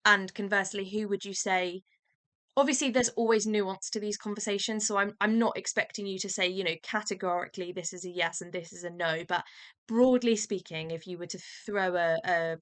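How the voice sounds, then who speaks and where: Podcast host: woman, bright clear tone, chatty and jokey, tells anecdotes. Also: mid-range voice, fairly quick. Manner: chatty, jokey storyteller who acts out the dog's replies. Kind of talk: casual podcast chat.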